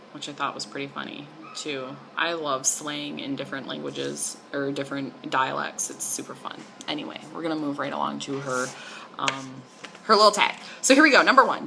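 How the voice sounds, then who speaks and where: A woman's voice: low voice, gravelly, bright, forceful tone, a little hiss or hum, low-quality recording. A young woman chatting casually about her stitching projects in a rambling, enthusiastic way. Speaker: crafting vlogger. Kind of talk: casual chat.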